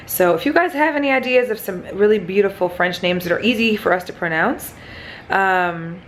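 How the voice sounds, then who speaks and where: A woman's voice: medium pitch, normal speed, a little hiss or hum. A young pregnant woman vlogging casually to camera, chatty and blunt, swearing freely and using lots of fillers. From American Midwest.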